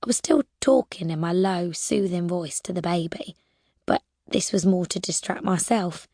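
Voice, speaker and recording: A woman's voice: lowish voice, normal speed, dry recording. Woman narrating an audiobook, dry and close. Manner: lively, expressive storytelling with sudden whispers. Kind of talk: first-person audiobook narration.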